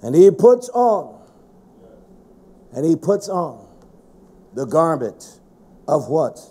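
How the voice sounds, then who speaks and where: A middle-aged man preaching a fiery sermon, swinging between shouts and hushed, low passages. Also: big pitch swings, takes it slowly, breathy edge.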